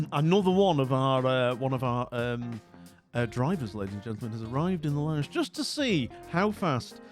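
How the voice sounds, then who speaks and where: A man's voice: mid-range voice, very animated, normal speed, soft background music. A middle-aged man hosting a livestream, chatting casually and jovially with viewers and rambling through lots of fillers. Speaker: livestream host. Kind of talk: casual chat with live viewers.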